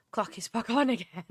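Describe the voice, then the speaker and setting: A woman's voice: fairly high pitch, breathy edge, dry recording, clean studio sound. A woman hosting a live stream, talking casually and thinking aloud with many fillers and restarts. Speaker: livestream host.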